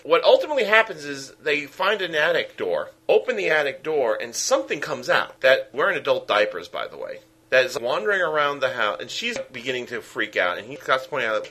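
Animated ranting man with a Brooklyn accent. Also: medium pitch, breathy edge. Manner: animated, ranting, acts out film characters in quotes. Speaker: podcast co-host. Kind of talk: casual film review chat.

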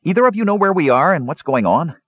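A man's voice: on the high side, big pitch swings, quick pace, slightly rough, no room sound, pitched above the performer's own voice. A man voicing a weary, seasick young mage. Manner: mumbling, bitter, self-deprecating. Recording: dull lo-fi recording.

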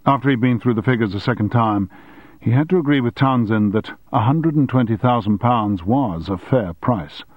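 A man narrating a novel in a measured, even storytelling manner. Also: medium pitch, no room sound, dull audio. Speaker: audiobook narrator. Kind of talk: scripted narration.

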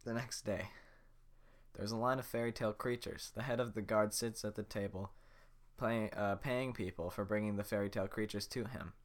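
A man's voice: fairly low pitch, fairly even intonation, normal speed. A man casually retelling a film scene by scene, rambling and interrupting himself as he narrates. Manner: rambling, self-interrupting with fillers.

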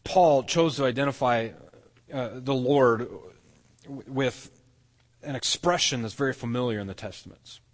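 A man's voice: medium pitch, normal speed, big-room sound. A man preaching a sermon as pastor, earnest, often restarting and repeating words as he explains. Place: church sanctuary.

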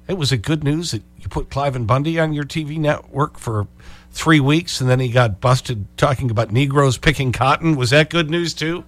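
A man hosting a call-in radio talk show, sarcastic and animated, hammering phrases over and over. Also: mid-range voice, normal speed.

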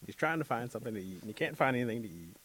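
A man telling a traditional story as a guest, in a relaxed, animated way. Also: mid-range voice, rapid-fire, slightly rough.

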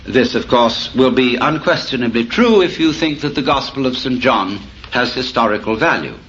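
A man's voice: medium pitch, animated, normal speed, fairly bright tone. A middle-aged man giving a public lecture to an audience, wry and storytelling. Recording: dull lo-fi tape of a lecture with faint hiss.

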